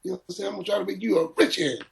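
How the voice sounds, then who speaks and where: A man's voice: sits high, expressive, rapid-fire, gravelly, pitched above the performer's own voice, exaggerated voice. A man doing a brash older boxing promoter. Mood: boastful.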